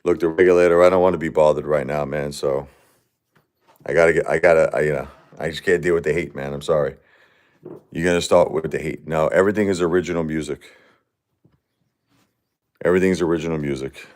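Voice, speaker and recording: A man in his forties, grief-stricken, talking haltingly on a livestream as host and answering viewer comments. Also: extremely low pitch, steady tone, a little mellow. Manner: halting and repetitive, many restarts and fillers.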